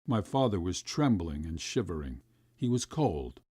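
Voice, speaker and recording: A man reading a classic short story aloud as an audiobook narrator, with expressive storytelling. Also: measured pace, breathy edge, no room sound, clean studio sound. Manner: expressive storytelling, rising high for quoted voices.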